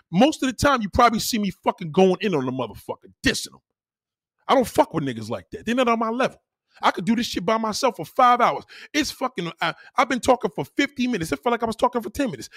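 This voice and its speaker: A man's voice: extremely high pitch, fairly bright tone, no echo, studio quality. A man hosting a live stream alone, ranting to his chat in a profane, combative, preachy way. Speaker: livestream host.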